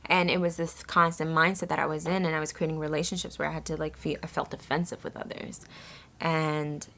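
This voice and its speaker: A woman from the Bronx, speaking as a vlogger in a soft, halting way that searches for words while she tells a personal story. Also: low voice, flat delivery, vocal fry. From the Bronx, New York. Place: eco-village in a jungle.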